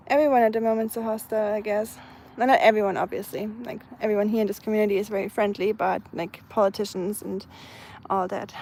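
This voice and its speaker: Young German-accented woman, friendly livestream chatter, slightly high voice, faint outdoor ambience. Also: darkish tone, a little hiss or hum. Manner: chatty, reads out viewer comments. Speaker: live streamer. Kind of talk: casual live-stream chat. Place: outdoors, feeding stray cats.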